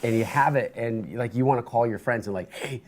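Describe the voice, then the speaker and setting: A man talking as a guest in a studio interview, telling animated stories with lots of restarts and bursts of energy. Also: medium pitch, a little fast, slight background noise. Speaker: interview guest, sports broadcaster.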